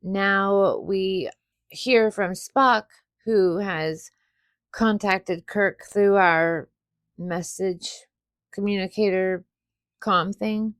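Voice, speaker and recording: A woman's voice: mid-range voice, fairly even intonation, very slow, clean tone, no room sound. A woman co-hosting a podcast, casually retelling an episode's plot with quoted asides. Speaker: podcast co-host. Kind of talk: casual recap chat.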